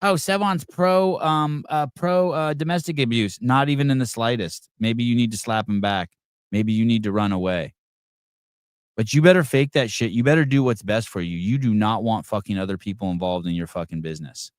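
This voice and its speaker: A man's voice: medium pitch, moderate pace, clean tone, dry recording, studio quality. A middle-aged man hosting a live call-in podcast, ranting bluntly and profanely with rambling restarts. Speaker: podcast host. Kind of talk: live call-in show commentary.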